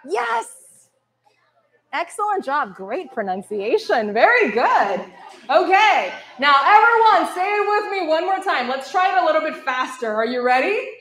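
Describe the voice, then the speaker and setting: Upbeat high-voiced woman in an echoey hall. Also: fairly bright tone, slight background noise. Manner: upbeat, encouraging, often laughing. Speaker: visiting radio presenter leading a school activity. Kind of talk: leading a tongue-twister game for schoolchildren. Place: school hall with children. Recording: echoey hall with children's chatter.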